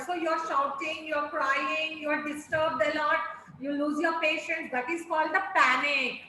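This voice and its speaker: High, bright-voiced Indian teacher, very echoey. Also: female voice. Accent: Indian English. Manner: slow, expressive storytelling with acted-out pleas. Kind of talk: online class story lesson. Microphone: video call. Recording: very echoey room with faint noise.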